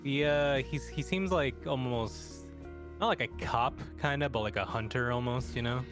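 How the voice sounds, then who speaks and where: A man's voice: medium pitch, unhurried, over music. A man co-playing on a stream, chatting casually and thinking aloud. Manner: relaxed, thinking aloud with fillers. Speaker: co-player on stream. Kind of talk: casual chat.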